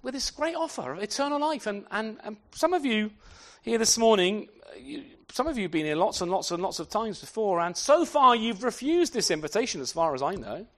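A man preaching a sermon to his congregation, animated and often repeating words as he restarts his sentences. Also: high voice, brisk. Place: church.

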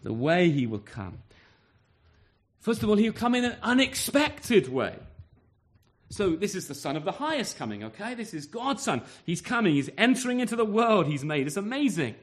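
Male preacher, high and animated voice, sermon delivery, lots of rhetorical questions, local church setting. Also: moderate pace. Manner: lively, full of rhetorical questions and acted-out exchanges.

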